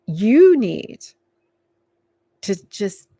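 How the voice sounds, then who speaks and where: A woman reads tarot live in an unhurried, meandering way, piling up fillers and soft reassurances. Her voice sits at a middling pitch and comes across dry and close, with no room sound. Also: no echo. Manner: rambling and filler-heavy, coaxing and soothing. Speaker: tarot reader. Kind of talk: live tarot reading, casual and unscripted.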